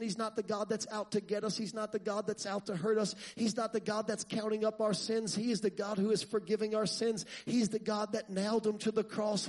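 A man preaching a sermon, asking the congregation rhetorical questions and building to loud, fervent passages. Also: sits high.

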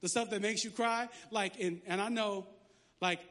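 A man pastor preaching a lively sermon, joking and sarcastic between scripture readings. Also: high voice, moderate pace.

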